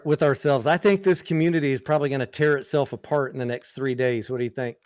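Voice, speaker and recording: A man's voice: medium pitch, fairly even intonation, fast, darkish tone, dry recording, studio quality. Laid-back man hosting a live stream. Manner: laid-back, jokey, reads chat aloud. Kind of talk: casual live stream chat.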